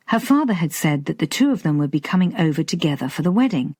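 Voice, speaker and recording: A woman narrating a romantic comedy audiobook in a measured, lightly expressive way. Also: sits low, slightly rough, no room sound, clean studio sound. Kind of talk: scripted narration.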